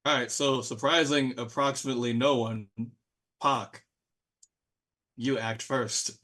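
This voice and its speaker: A man runs a tabletop game in a loose, chatty voice of ordinary pitch. He rambles through descriptions with plenty of fillers and bursts into playful cheers. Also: steady tone, measured pace, sharp tone. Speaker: game master.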